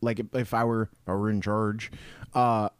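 A man's voice: fairly low pitch, little pitch movement, moderate pace, clear, resonant tone, dry recording. A man co-hosting a casual hobby podcast, laying out his ideas with enthusiasm and at length. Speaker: podcast co-host.

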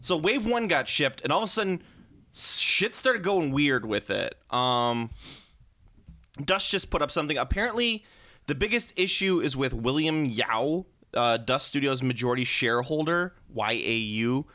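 A man co-hosting a podcast, chatting loosely with a friend. His voice is bright and pressed, and he jokes, swears and trails off mid-sentence before starting over. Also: mid-range voice, expressive, normal speed. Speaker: podcast co-host. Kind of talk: casual chat.

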